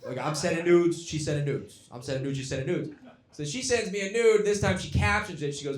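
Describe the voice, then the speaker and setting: A young man from Florida doing a stand-up comedy set on a club stage, dropping to low mumbled asides and then shouting his punchlines. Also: brisk. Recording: roomy club sound. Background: audience laughter.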